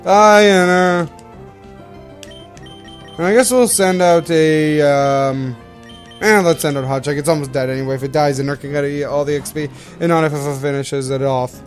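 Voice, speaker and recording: Young canadian guy rambling thru a game playthrough, keeps correcting himself, highish voice. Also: steady tone, moderate pace, soft background music. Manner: rambling, self-correcting, chatty. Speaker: let's play host. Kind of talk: casual gameplay commentary.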